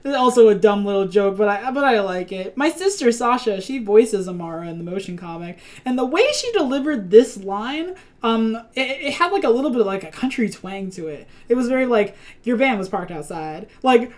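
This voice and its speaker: A woman's voice: fairly high pitch, sing-song, normal speed, hardly any pauses. Chatty young woman cartoonist. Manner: chatty, self-deprecating, laughs easily. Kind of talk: casual commentary on her comic.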